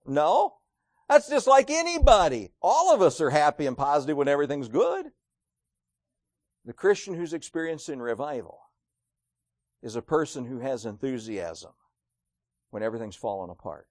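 A man preaching a sermon, animated and acting out quoted voices, swinging between loud and hushed. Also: a little high, fairly quick, no room sound, clean studio sound.

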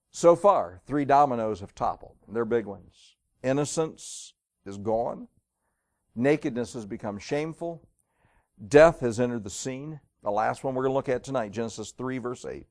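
A man preaching an evening sermon, reading old-style scripture aloud and telling stories, swinging between loud emphasis and quiet, slowed lines. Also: mid-range voice, expressive. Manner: reads King James verses aloud, dramatic storytelling.

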